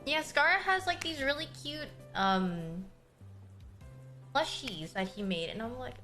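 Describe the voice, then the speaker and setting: A woman's voice: on the high side, expressive, slow, bright, forceful tone, soft background music. A young woman livestreaming in a casual, chatty way, answering her chat and cooing at her cat.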